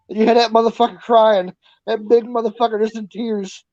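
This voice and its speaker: A woman's voice: fairly high pitch, expressive, brisk, a little mellow, no echo. A woman and army veteran, telling crude barracks stories in casual chat, full of swearing and laughter. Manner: profane, laughing storyteller. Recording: muffled lo-fi audio.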